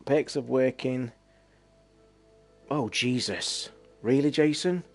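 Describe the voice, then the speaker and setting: A man's voice: mid-range voice, slow pace, faint music behind. A man with a Derbyshire accent chatting casually with his stream viewers, telling rambling stories with plenty of swearing and laughter. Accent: East Midlands English (Derbyshire). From Derbyshire, England. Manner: sweary, rambling storyteller who laughs a lot. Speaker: livestream host.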